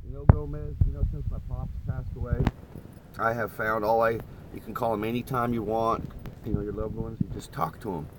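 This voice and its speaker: A man's voice: medium pitch, steady tone, a little fast, heavy background noise. A middle-aged man chatting casually and rambling to his viewers on a live stream from inside a parked camper van. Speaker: vlogger.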